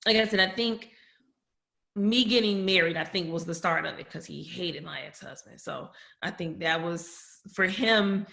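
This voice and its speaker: A woman's voice: on the low side, moderate pace, vocal fry, pushed and bright, echoey room. A woman guest on a podcast, telling a personal family story candidly and with feeling, often quoting people in her own voice. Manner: candid, emotional, quotes others in her own voice.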